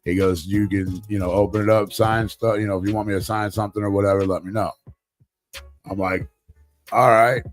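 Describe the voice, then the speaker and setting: A man with a lowish voice tells a story on a live talk show. He rambles and swears freely, with animated retellings. Faint music plays underneath. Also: fairly quick. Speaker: podcast co-host. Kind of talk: casual storytelling chat.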